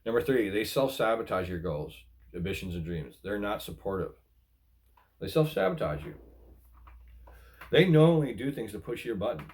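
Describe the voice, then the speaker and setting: A man with a somewhat low voice gives relationship advice to his viewers. He talks casually and earnestly, circling back over his points and calling his audience guys. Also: big pitch swings, moderate pace, long pauses, darkish tone.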